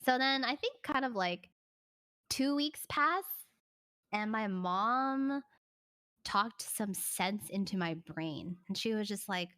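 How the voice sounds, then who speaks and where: Bright-voiced woman streamer telling a story. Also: mid-range voice, slow. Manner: animated, swearing, frequent "like" fillers. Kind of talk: casual storytelling to a live stream.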